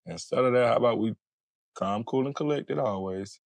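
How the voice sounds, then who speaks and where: A man's voice: mid-range voice, normal speed, creaky, dry recording. A man, coaching listeners in a casual teaching monologue and checking in often. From Florida. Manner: repetitive, checks in with "all right?" often. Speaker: family court advice host.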